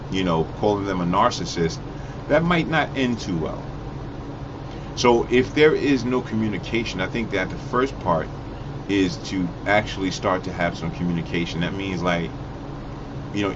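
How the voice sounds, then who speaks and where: A man hosting a call-in show, giving casual advice in a rambling, halting way full of "you know"s. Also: deep voice, muffled recording, noisy background.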